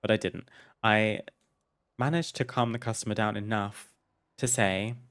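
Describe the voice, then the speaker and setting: A man's voice: fairly low pitch, steady tone, measured pace, fairly bright tone. A man streaming a game, chatting casually and candidly as he tells a personal story, laughing and swearing freely. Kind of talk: casual storytelling over gameplay.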